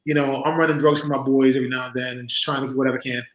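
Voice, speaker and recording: A man in his forties, an interview guest telling stories in a lively, laughing way and acting out the voices of people in them. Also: medium pitch, rapid-fire, echoey room, low-quality recording. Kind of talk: casual storytelling in an interview. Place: home room.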